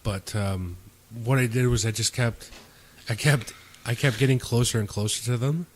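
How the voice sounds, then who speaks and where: A young podcast host with a medium-pitched voice tells a long, profane bar story at a moderate pace, rambling casually and acting out what other people said. There's slight background noise.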